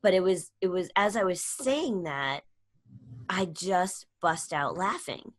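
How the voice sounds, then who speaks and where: A middle-aged woman, a comedian and speaker, telling a personal story in a casual interview, acting out quoted lines with sudden high-voiced jumps. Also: lively intonation, slow pace. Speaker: guest, comedian and public speaker.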